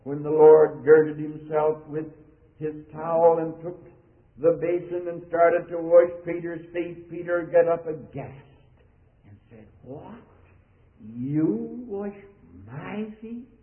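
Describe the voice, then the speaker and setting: A man's voice: on the high side, completely flat delivery, a little slow. A man preaching a sermon in an emphatic style, his voice rising and falling as he speaks. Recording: tinny, phone-like old sermon recording.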